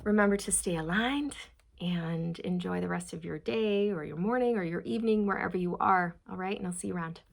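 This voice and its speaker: A woman's voice: on the low side, vocal fry. Emotional woman giving a tarot reading. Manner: emotional, gushing, frequent "okay?" and "you guys"; reads quotes slowly and softly. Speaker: tarot reader. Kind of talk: channeled tarot reading to viewers.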